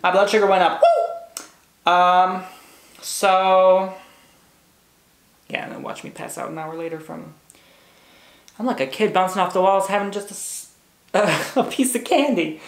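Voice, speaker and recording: A man's voice: a little high, fairly bright tone, reverberant. A man giving a pick-a-card tarot reading, bubbly and hyper, gushing and repeating words. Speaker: tarot reader.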